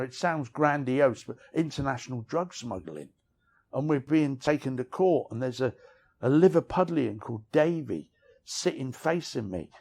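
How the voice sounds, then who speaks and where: Gravelly-voiced man telling frank stories. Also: medium pitch, darkish tone. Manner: rambling, frank, self-deprecating, peppered with "you know what I mean". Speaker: author interviewee. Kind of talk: candid storytelling conversation. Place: outdoors on city back streets.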